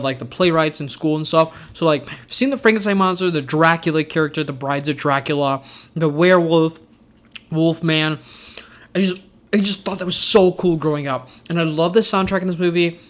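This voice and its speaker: Young male film vlogger, casual, filler-heavy, eager, pitched a bit high. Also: a bit bright. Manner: rambling, many fillers, enthusiastic. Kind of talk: casual movie ranking talk.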